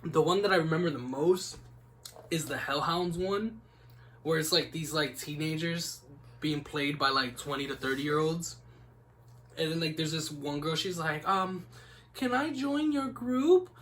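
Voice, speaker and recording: A man's voice: a little high, fairly even intonation, moderate pace, pushed and bright. A young man hosting a casual podcast, rambling laid-back with lots of "like" and "man.". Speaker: podcast host. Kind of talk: casual chat.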